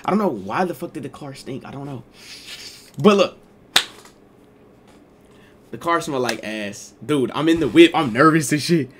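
A man telling a story to his live stream chat, slangy and excitable, swinging between mumbled asides and loud exclaims. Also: a little high, moderate pace, pauses often, a little hiss or hum.

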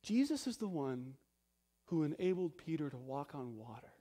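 With big swings in pitch and a moderate pace, a pastor whose voice is high and bright preaches emphatically. He keeps firing off rhetorical questions and drops to hushed, low phrases between loud emphases.

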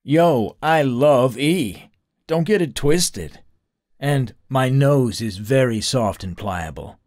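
A man's voice: medium pitch, lively intonation, takes it slowly, a little mellow, dry recording, studio quality, pitched above the performer's own voice. A man voicing a broke, wisecracking private detective who used to be a cop and loves to poke and prod. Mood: wry. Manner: joking, prodding.

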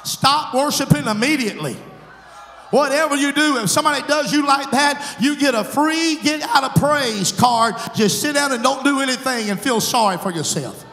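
High-pitched shouting preacher man, echoey hall. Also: a little hiss or hum. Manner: fervent, sing-song chanted cadence, rising to shouts. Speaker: evangelist. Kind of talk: Pentecostal-style preaching. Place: large church sanctuary. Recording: echoey church hall with long reverb.

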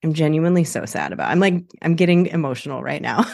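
A woman hosting her own podcast, her voice sitting low for a woman. She talks in a chatty, animated way and breaks into laughter often as she goes. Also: fast, creaky, no echo, clean studio sound. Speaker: podcast host. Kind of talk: casual solo podcast talk.

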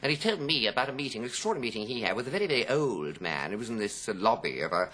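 A man's voice: mid-range voice, big pitch swings, very fast, pushed and bright, husky. A man in his fifties, a chat show guest who tells anecdotes theatrically and jumps into voices. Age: 50s. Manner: theatrical storyteller, jumping into voices.

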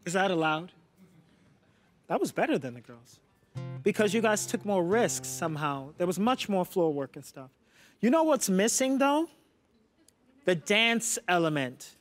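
A man's voice: high-pitched, very animated, moderate pace, faint music behind. A man coaching a contemporary dance class, coaxing his students and often checking with a "yeah?". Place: dance studio.

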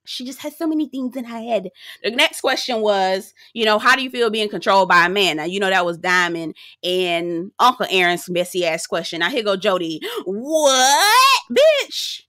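Young woman, sassy and profane, bright forceful voice, dry close sound. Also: medium pitch, a little fast, few pauses, no echo. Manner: sassy, blunt and profane, addressing viewers as "girl". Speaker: reality TV recap reviewer. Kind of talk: casual recap commentary.

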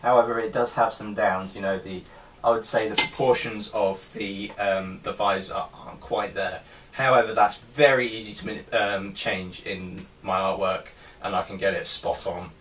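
A man with a fairly low voice talks through his collection in a relaxed show-and-tell way. He hesitates often, filling gaps with ums and starting phrases over. The mic sits a little away from him, with a faint hiss of noise underneath. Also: normal speed, few pauses, recorded from a distance. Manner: hesitant, many ums and restarts. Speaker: artist showing his helmet collection. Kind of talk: casual show-and-tell vlog.

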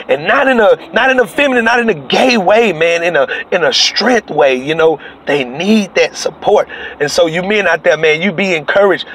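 A man's voice: fairly high pitch, a bit bright, a little hiss or hum. A middle-aged man, a church minister giving an earnest, conversational motivational talk to fathers, repeating his points. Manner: earnest, repetitive, conversational preaching.

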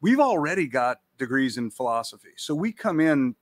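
A man's voice: a little high, sing-song, moderate pace, dry recording. A man from Louisiana, a priest, chatting casually as a guest with frequent restarts and repeated words. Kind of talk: casual conversation.

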